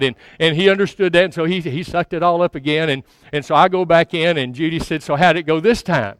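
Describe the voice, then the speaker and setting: A man's voice: on the high side, brisk, hardly any pauses, a bit bright, clear, resonant tone, dry recording. A man in his sixties giving a sermon as a pastor, telling a story in a folksy, self-mocking way, often stammering and repeating words. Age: 60s.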